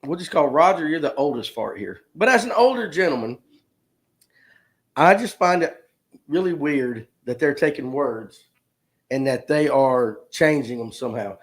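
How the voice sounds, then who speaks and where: A man in his fifties chats casually on a live stream, folksy and joking as he reads out viewer comments. His voice sits a little higher than most men's. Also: animated, normal speed. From Georgia, US. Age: 50s. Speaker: livestream host.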